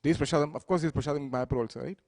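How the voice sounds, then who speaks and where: Male preacher, fairly high voice, storytelling sermon that acts out dialogue with loud bursts. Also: fairly even intonation, rapid-fire. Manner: acts out the deities' speech with rising loudness, asks listeners "right?". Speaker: speaker giving a temple lecture.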